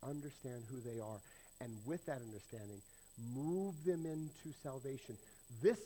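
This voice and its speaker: A male pastor preaching a sermon, emphatic and swinging between loud declarations and hushed asides. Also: mid-range voice, moderate pace, poor audio.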